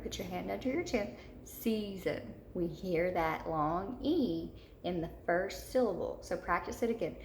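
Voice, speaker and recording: A woman with a slightly low, gravelly voice teaches a recorded spelling lesson for third graders. She repeats each word slowly and patiently. The room is echoey, with a faint hiss behind her.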